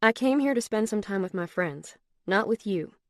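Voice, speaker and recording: A woman's voice: mid-range voice, animated, moderate pace, no room sound, clean studio sound, pitched above the performer's own voice, lightly acted. A woman reading an audiobook, voicing a guarded young woman who talks in a cool, matter-of-fact way. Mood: irritated.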